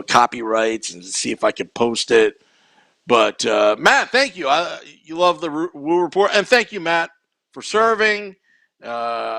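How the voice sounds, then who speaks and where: A man hosts his podcast solo in an easy, rambling way, full of fillers and asides. His voice is gravelly and bright, and he talks slowly. The sound is dry and close. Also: on the high side, dry recording. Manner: rambling, chatty, many fillers. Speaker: podcast host. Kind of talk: casual solo podcast talk.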